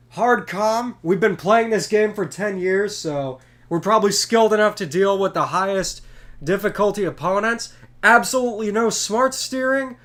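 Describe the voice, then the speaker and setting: A man in his twenties, congested from a cold, chatting in a chatty, excitable way while streaming a game. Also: high voice. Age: 20s. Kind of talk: casual live stream chat.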